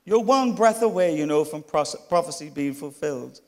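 A man's voice: fairly high pitch, expressive, moderate pace, a little mellow. A middle-aged man preaching a storytelling sermon, with chatty, humorous asides to the congregation. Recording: long hall reverb.

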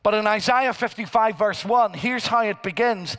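A man's voice: high-pitched, a bit bright. A man preaching a sermon in a church, reading scripture aloud with emphasis. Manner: preaching slowly, rising into emphatic quoted scripture. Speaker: pastor. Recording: church hall with long reverb.

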